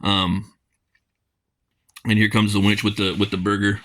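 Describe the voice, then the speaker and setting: A man's voice: on the low side, little pitch movement, measured pace, long pauses, a bit bright. Rambling man reviewing a comic. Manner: rambling, many fillers, reads dialogue aloud and laughs at it. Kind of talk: casual page-by-page comic review.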